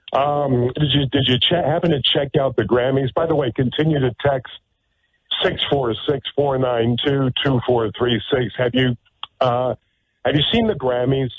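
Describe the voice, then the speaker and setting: A man's voice: on the high side, breathy edge, dry recording. A man hosting a talk radio show, delivering a combative, sarcastic monologue full of restarts and asides. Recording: dry, tinny phone-like radio line.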